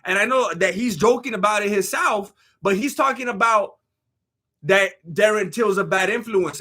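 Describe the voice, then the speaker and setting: A man's voice: sits high, moderate pace. A man doing casual, jokey live-stream commentary on fight news and thanking chat members. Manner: animated, jokey, reads chat donations aloud.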